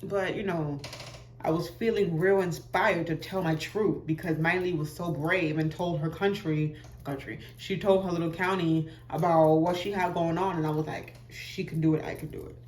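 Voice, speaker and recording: Animated young woman telling a story. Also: lowish voice, normal speed, echoey room, a little hiss or hum. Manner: animated, laughing, acts out voices in quotes. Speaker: vlogger. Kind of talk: casual storytime chat.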